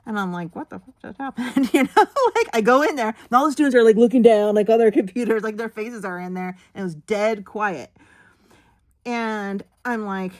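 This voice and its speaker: A woman hosting a coloring video, telling a long, animated story full of fillers and acted-out quotes. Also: medium pitch, normal speed. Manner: drops to a whisper for asides while working. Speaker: coloring channel host. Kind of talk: chatty storytelling while coloring.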